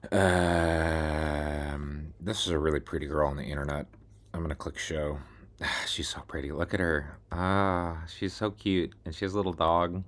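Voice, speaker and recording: Very deep-voiced man rambling casually. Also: steady tone, unhurried. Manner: meandering, self-mocking, mutters while scrolling. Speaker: video blogger. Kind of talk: casual rambling screen-share monologue.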